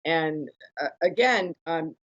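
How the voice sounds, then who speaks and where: A woman's voice: deep voice, expressive, slow, dull audio. A woman, a guest rock musician, chatting casually and filling her talk with "you know" and restarts. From United States. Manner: chatty, many fillers and self-corrections. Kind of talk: casual conversation.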